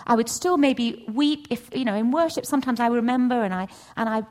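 A middle-aged woman giving a testimony at a church session, storytelling with lively acted-out dialogue. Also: fairly quick. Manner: animated storytelling, acts out voices with big pitch jumps. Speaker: church speaker. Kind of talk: testimony sermon.

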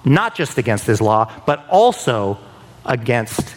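A man's voice: medium pitch, very animated, slow pace. A man preaching a sermon in a conversational way, often checking in with "right?" and acting out pleading prayers in a raised voice. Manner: conversational, keeps asking "right?".

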